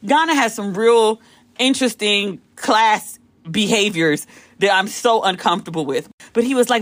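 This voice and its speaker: A woman from the United States hosting a podcast, telling a story casually and acting out the quotes with big jumps in pitch. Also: animated, unhurried, a bit bright, no room sound. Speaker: podcast host.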